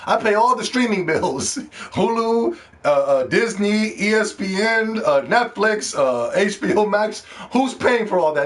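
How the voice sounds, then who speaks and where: A man hosting a casual solo gaming podcast, joking and ranting in a loose, profane way that swings from loud excitement to quiet asides. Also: high voice, unhurried. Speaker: podcast host.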